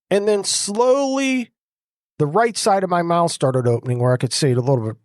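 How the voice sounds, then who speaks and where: A middle-aged man telling his personal deliverance testimony in a casual, animated way, dropping slang like bro and dude. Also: a little high, brisk, no room sound, studio quality. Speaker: exorcist sharing his testimony.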